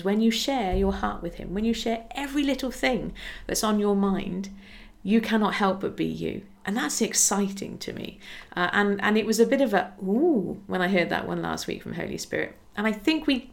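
A woman's voice: mid-range voice, vocal fry. A woman hosting a devotional podcast, talking in an earnest, encouraging way and acting out little conversations as she goes. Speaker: podcast host. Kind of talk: casual devotional podcast talk.

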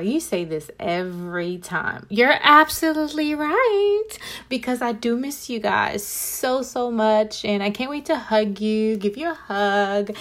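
A woman speaking with hosts her own faith podcast. She is chatty and animated, calling her listeners "girl" as she talks. Her pitch sits in an ordinary middle range. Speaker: podcast host. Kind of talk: casual faith podcast chat.

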